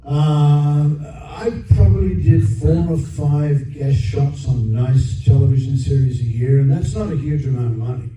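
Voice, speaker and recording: A man's voice: mid-range voice, dark tone. An older Australian man telling a story as a guest actor at a fan convention. He is chatty and restarts often. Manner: chatty storyteller with frequent restarts, acting out other people's lines. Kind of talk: anecdotal Q&A storytelling. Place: convention hall. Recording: very echoey hall from far off, dull and noisy.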